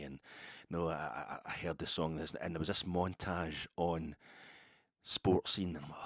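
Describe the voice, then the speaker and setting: A man with a deep, low voice talks on his own in a loose, wandering way, doubling back and restarting as he goes. The sound is dry and close, with no room echo. It feels like a casual solo podcast about football. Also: steady tone, moderate pace, husky. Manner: digressive, chatty storytelling with many restarts. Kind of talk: casual rambling monologue.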